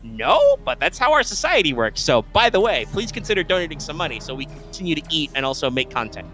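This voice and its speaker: A man's voice: a little high, big pitch swings, quick pace, a bit bright, faint music behind. A young man co-hosting a live stream, chatting casually in a rambling, self-interrupting way with frequent swearing. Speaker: co-host of a live stream show.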